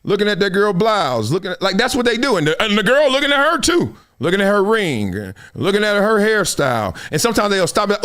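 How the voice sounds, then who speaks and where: Animated, slangy male sports show host. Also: sits high, brisk. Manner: animated, slangy, laughs often. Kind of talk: opinionated live sports commentary. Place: live streamed talk show.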